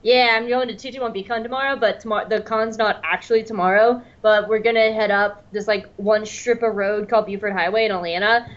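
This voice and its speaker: A woman co-hosting a casual podcast, bubbly and excitable, with lots of "like"s. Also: mid-range voice, brisk, few pauses, muffled recording. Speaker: podcast co-host.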